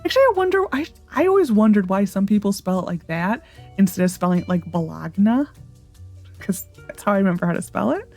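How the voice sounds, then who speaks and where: A woman's voice: medium pitch, very animated, brisk, a little mellow, soft background music. A woman hosting a gaming channel, chatting casually and thinking aloud as she plays. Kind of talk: casual let's-play commentary.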